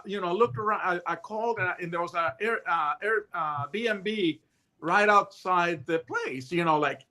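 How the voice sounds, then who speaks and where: A man in his sixties spins a yarn as a guest, his voice sitting high for a man. The tone is bright and forceful. He tells it casually and throws himself into the other people's voices in his stories. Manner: animated storyteller who acts out voices in his tales. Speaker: guest, retired hostage negotiator. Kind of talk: casual anecdotal storytelling.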